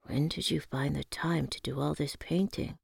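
A woman voicing a gentle older grandfather, speaking low, quiet and unhurried. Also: steady tone, vocal fry, slightly rough, no echo, studio quality, exaggerated voice.

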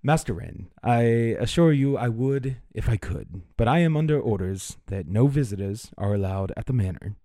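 A man's voice: on the low side, lively intonation, normal speed, hardly any pauses, dark tone, no echo, studio quality. A man voicing a devoted, formal house manager of a manor who speaks stiffly and apologetically.

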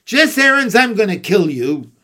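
A man's voice: high-pitched, sing-song, moderate pace, pushed and bright, pitched above the performer's own voice, full character voice. A man reading aloud voices a bold, inventive young girl who dictates with eager emphasis. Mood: bossy, eager.

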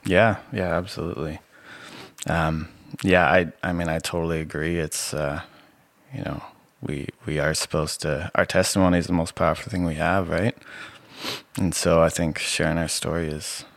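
A man with a soothing voice, sharing his personal story as a podcast guest in a relaxed, rambling way with many fillers. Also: low voice, moderate pace, gravelly, no echo. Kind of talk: casual personal testimony.

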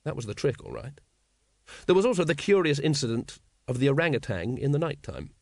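A man's voice: medium pitch, very animated, fairly quick, gravelly, dry recording. A man reading an audiobook as narrator in a dry, wry storytelling manner. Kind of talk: scripted narration.

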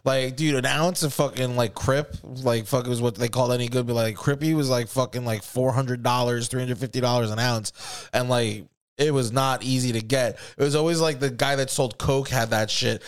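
A man in his thirties with an American accent spins a rambling, profane story for his podcast co-hosts. His voice is smooth and clear at an ordinary pitch. He slips into quick impressions of the people he talks about. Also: fairly even intonation. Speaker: podcast co-host. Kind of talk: casual storytelling chat.

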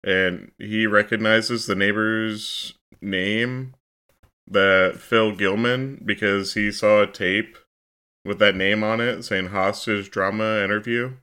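A man's voice: fairly low pitch, steady tone, takes it slowly, bright, forceful tone, clean tone. A man on a casual movie podcast, steadily recapping the plot scene by scene with easy fillers. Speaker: podcast co-host.

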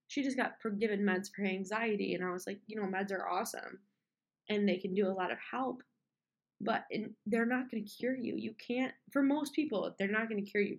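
A young woman hosts a podcast in a casual solo monologue, her medium-pitched voice candid and rambling. She fills it with fillers and cuts herself off often, mocking complainers in whiny put-on voices.

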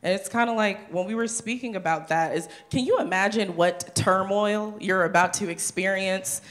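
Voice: mid-range voice, normal speed, fairly bright tone. A co-host in a casual Bible study who reads scripture aloud and jokes by imagining the scenes. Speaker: co-host of a church discussion show.

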